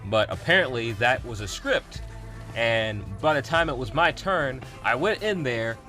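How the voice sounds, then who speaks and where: A young man with a bright, forward voice rambles through a story for his gaming channel. He's animated and full of fillers and little laughs. Faint music plays behind him. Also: medium pitch, a little slow. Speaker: gaming YouTuber. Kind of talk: casual storytelling vlog.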